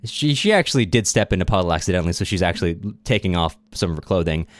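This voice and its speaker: A man's voice: low voice, animated, quick pace, no echo. A man co-hosting a casual literature podcast, retelling a plot loosely with fillers and chuckles. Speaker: podcast co-host.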